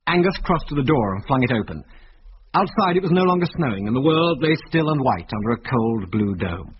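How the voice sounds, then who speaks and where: A man narrating an adventure story in a measured, vivid reading. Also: medium pitch, very animated, breathy edge. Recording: dull lo-fi radio recording with faint hiss.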